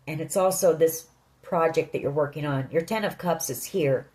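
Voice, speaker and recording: A woman's voice: low-pitched, normal speed, darkish tone, rough recording. Earnest woman giving a tarot reading. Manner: earnest, addresses listener directly. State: emotional. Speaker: tarot reader.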